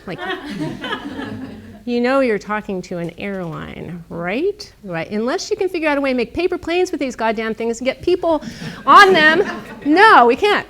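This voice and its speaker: A woman's voice: high voice, unhurried. Middle-aged woman guest speaker, snarky and laughing a lot, casual storytelling in a lecture room. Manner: animated, snarky, laughs often.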